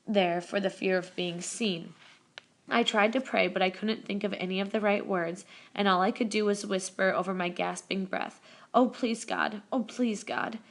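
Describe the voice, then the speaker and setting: A woman's voice: medium pitch, gravelly. Woman reading a novel aloud. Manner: steady reading with small self-corrections. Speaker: reader. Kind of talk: audiobook narration.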